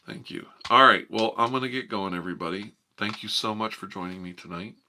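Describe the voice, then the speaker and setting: A man hosting a live ASMR stream, chatting softly and playfully with viewers and rambling. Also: on the low side, fairly quick, slight background noise.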